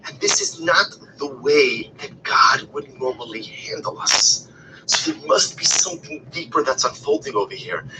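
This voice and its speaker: A man teaching a text-based Torah class, talking expressively, often repeating phrases and asking rhetorical questions, and sometimes dropping to a hushed whisper. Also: mid-range voice, moderate pace, very noisy. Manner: expressive, shifts between loud emphasis and hushed whispers.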